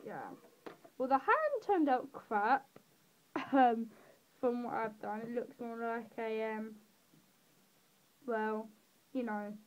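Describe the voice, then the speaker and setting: This is a muffled recording of an English teenage girl who creates drawing tutorials, chatting casually as she colours. She speaks with a southeast England accent, and her voice is on the high side. She wanders off-topic often, laughing and poking fun at herself.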